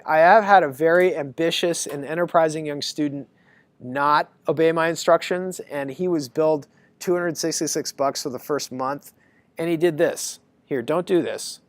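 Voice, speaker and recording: Guy teaching a college class, casual and animated, kinda high voice, no room echo. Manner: chatty, animated storyteller addressing students. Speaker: university lecturer.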